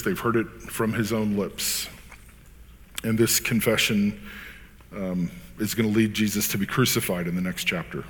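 A man's voice: on the low side, big-room sound. A man reading scripture aloud, then preaching in an earnest, conversational way with casual fillers. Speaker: pastor.

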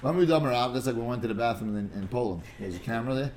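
A man's voice: medium pitch, rapid-fire, a little mellow, slight background noise. A man teaching a casual study class, rambling and digressive, stumbling over repeated words and mixing in Hebrew and Aramaic terms.

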